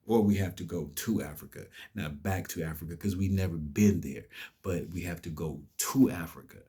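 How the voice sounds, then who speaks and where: A man's voice: sits low, moderate pace, mellow, husky. A man giving an impassioned, preachy vlog monologue, emphatic and cursing. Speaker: vlogger.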